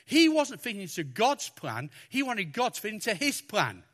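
A man's voice: moderate pace, few pauses. A man preaching a sermon, talking through a Bible passage with lots of expression and acting out the lines he quotes. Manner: expressive, animated, acts out quotes with raised pitch.

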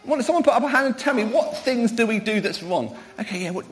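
Animated, high-voiced pastor leading a children's talk. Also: male voice, quick pace. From Wales. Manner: playful and animated, quizzing children and calling them up. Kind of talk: children's talk in a church service. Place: church.

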